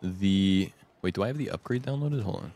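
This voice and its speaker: A young man rambling excitably in casual chat at home at night. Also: deep voice, fairly quick. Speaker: vlogger.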